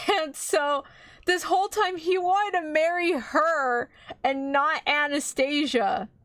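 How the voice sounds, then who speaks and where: A woman hosting her own channel, casually recapping anime in an animated way, laughing and swearing when she gets indignant. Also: sits high, slow, no room sound, studio quality. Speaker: VTuber host.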